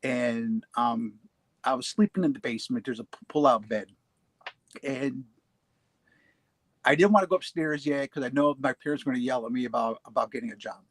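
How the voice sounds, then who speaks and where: Man, 40s, casual storyteller, mid-pitched, dry close sound, halting delivery. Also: no echo. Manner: halting, many restarts and fillers, laughs easily. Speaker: paranormal show guest telling his experiences.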